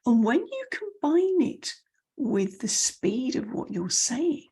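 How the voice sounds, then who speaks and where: Lively husky woman coaching. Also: on the high side. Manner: demonstrative, swings between loud and soft, fast and slow. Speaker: voice and message coach. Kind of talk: online training talk.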